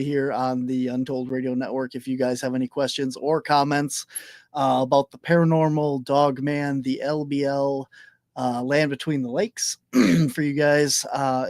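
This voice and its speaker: A man's voice: mid-range voice, a little mellow, no echo, clean studio sound. Easygoing man hosting a live show. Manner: easygoing, jokey, with frequent fillers. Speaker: podcast host. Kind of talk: live online show chat.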